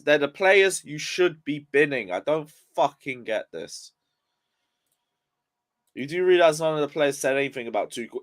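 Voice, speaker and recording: A young man, just out of bed and still yawning, vents about his football club on a live stream. He swears freely and reads viewers' comments aloud in a frustrated, casual rant. His voice sits a little high for a man. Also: lively intonation, moderate pace. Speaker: football livestreamer.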